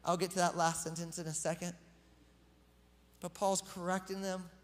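A man's voice: high-pitched, little pitch movement, moderate pace. A male pastor preaching a sermon in an impassioned, conversational way, acting out the quoted speech. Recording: long hall reverb.

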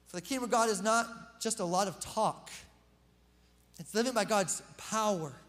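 A man's voice: sits high, normal speed, fairly bright tone. A male pastor preaching a sermon in an impassioned, conversational way, acting out the quoted speech. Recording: long hall reverb.

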